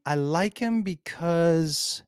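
A man's voice: a little high, drawn-out words, clear, resonant tone, no echo, clean studio sound. A man hosting a livestream in casual chat, rambling and thinking aloud to his viewers. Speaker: livestream host.

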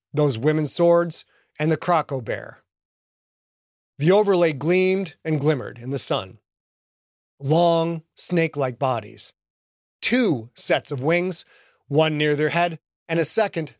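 Man, audiobook narrator, animated pitch, dry close recording. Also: no echo.

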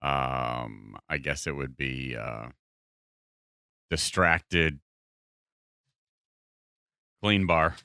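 A man co-hosting a radio show, talking in a laid-back, halting way. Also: a bass voice, creaky, pushed and bright, clear, resonant tone, no echo, clean studio sound. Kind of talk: casual banter.

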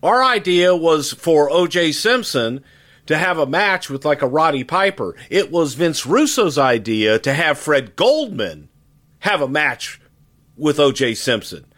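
A man's voice: a little high, sing-song, a little slow, fairly bright tone. A middle-aged man on a podcast who recalls his career in a blunt, emphatic way and firmly denies claims made about him. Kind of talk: casual podcast conversation.

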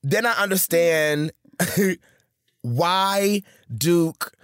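A woman co-hosting a podcast in casual chat, loud and exclamatory, with profane banter. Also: on the low side, very slow, smooth, no room sound, studio quality. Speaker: podcast co-host.

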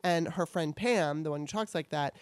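A woman's voice: deep voice, moderate pace, a little mellow, smooth, dry recording. A middle-aged woman co-hosting a casual chat show, candid and rambling, swearing freely. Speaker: podcast co-host.

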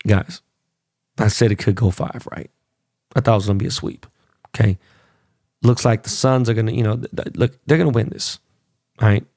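A man's voice: fairly low pitch, vocal fry, darkish tone, no echo, clean studio sound. A man hosting a podcast, ranting bluntly and profanely about sports and his life. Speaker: podcast host. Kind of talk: casual rant.

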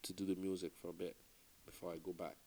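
A man from Nigeria with a Nigerian accent, a musician guest talking casually in an interview, relaxed and rambling with many fillers and restarts. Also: deep voice, fast talker.

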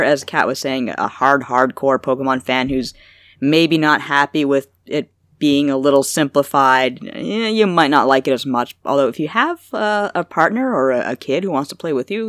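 Woman game reviewer on a podcast, lowish voice, informative, dry recording. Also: no echo. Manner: relaxed, informative, matter-of-fact. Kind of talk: casual podcast chat.

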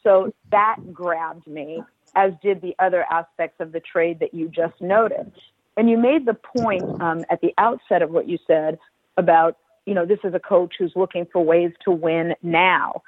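A middle-aged woman, a former football team executive, speaking as a podcast guest in a measured, emphatic way with precise wording. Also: on the low side, steady tone, slightly rough, dry recording. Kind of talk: podcast conversation. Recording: tinny phone-like line.

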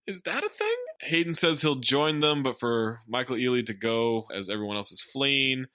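A man's voice: medium pitch, moderate pace, pushed and bright, clean tone, no room sound. A man co-hosting a casual talk show, summarizing a film's plot with dry asides. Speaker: podcast co-host recapping a film. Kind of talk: casual chat, recapping plot.

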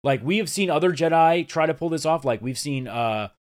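A man's voice: on the high side, animated, a little fast. A man co-hosting a podcast, chatting casually and with enthusiasm about a TV episode, swearing now and then. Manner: enthusiastic, swearing, acts out scenes in quoted voices. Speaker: podcast co-host. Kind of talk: casual chat recapping a TV episode.

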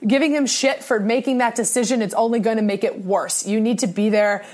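A woman's voice: a little high, fairly even intonation, brisk, darkish tone. Young woman just talking it through, earnest, lots of restarts and trailing off. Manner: earnest, rambling with many restarts. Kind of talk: casual monologue.

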